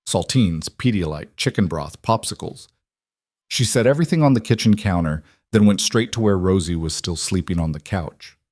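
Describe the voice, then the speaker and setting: A male storyteller reading a scripted family drama in a measured, even voice. His pitch sits on the low side, and the recording is dry and close with no room echo. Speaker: narrator.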